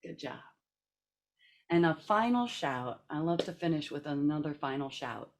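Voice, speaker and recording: A woman's voice: lowish voice, animated, measured pace, fairly bright tone. A woman leading a seated laughter and breathing exercise over a video call, coaxing and playful, laughing often. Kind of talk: guided group exercise.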